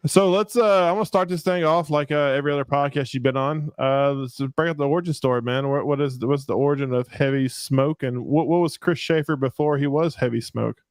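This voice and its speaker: A man hosts a podcast and opens with easygoing, buddy-like questions for his guest. His delivery is relaxed and informal. The recording is dry and close, with no room sound. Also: on the high side, fairly quick, hardly any pauses, clear, resonant tone, dry recording. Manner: relaxed, chummy, says "man" a lot. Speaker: podcast host. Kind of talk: casual interview questions.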